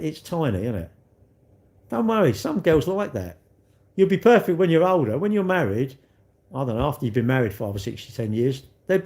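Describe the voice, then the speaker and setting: A man's voice: fairly high pitch, darkish tone. A man hosting a live stream, chatting in a rambling, self-mocking way and answering viewers.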